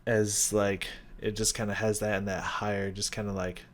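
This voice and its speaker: A man's voice: on the low side, little pitch movement, moderate pace. A man hosting a music reaction, talking loosely with lots of fillers and humming out rhythms as he explains them. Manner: rambling, filler-heavy, scats rhythms aloud. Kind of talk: casual music commentary.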